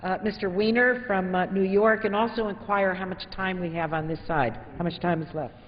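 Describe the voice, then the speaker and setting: A woman yielding floor time in a legislative chamber, speaking haltingly with many fillers. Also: mid-range voice, steady tone. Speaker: congresswoman managing floor time. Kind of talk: formal floor remarks. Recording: dull broadcast audio in a long-reverb chamber.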